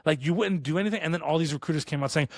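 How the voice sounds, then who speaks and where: A man co-hosting a podcast, telling stories in a casual chat. He talks fast and rambles with restarts, and he acts out quoted lines in a raised voice. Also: a little high, dry recording, clean studio sound. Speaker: podcast co-host. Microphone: studio podcast mic.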